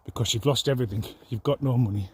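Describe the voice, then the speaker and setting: A man's voice: mid-range voice, quick pace, a little mellow, slight background noise. A man ranting angrily to the camera in a rambling, profane, aggrieved way. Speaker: vlogger. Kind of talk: angry personal rant.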